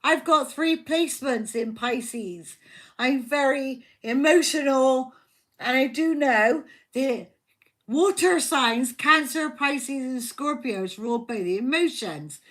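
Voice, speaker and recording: A woman hosting a live tarot stream, talking to her viewers in a loose, rambling way. Her voice sits a little high and she takes her time, circling back over the same points. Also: animated, slow, a bit bright. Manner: rambling, chatty, repeats herself; talks to viewers by name, affectionate. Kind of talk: casual live-stream chat.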